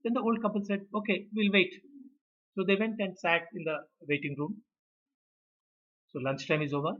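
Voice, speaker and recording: A man's voice: sits high, brisk. A middle-aged man, telling management stories and acting out the quoted voices. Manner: animated storyteller, acts out quoted voices. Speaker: speaker on management. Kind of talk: storytelling talk. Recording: dull lo-fi recording.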